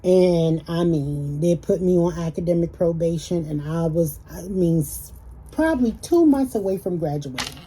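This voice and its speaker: A woman's voice: fairly low pitch, animated, normal speed, mellow, a little hiss or hum, poor audio. A young woman, chatting with viewers in a casual Q&A vlog and telling stories. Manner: chatty, storytelling, addresses viewers as y'all. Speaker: YouTuber.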